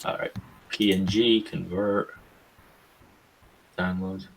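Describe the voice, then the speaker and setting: A man's voice: low voice, flat delivery, slow pace, gravelly, a little hiss or hum. A young British man hosting a podcast, chatting casually over a voice call, rambling, swearing and laughing easily. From Britain. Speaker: podcast host.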